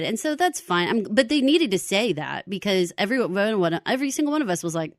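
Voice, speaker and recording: Lively woman podcast co-host. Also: medium pitch, brisk, few pauses, no room sound, clean studio sound. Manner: animated, laughs often, quotes lines in excited voices. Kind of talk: casual chat.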